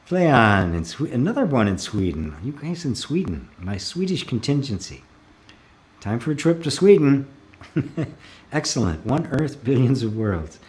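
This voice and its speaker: A man leading a live spiritual Q&A, reading out viewer comments and answering in a calm, reflective way, slowing down to stress key words and laughing softly now and then. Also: mid-range voice. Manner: calm, reflective, often slows to stress a word. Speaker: spiritual teacher.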